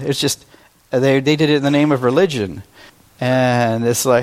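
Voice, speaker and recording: A man's voice: mid-range voice, steady tone. Conversational, self-deprecating male preacher. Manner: conversational and self-deprecating, with emphatic slowed phrases. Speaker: pastor. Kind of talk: sermon.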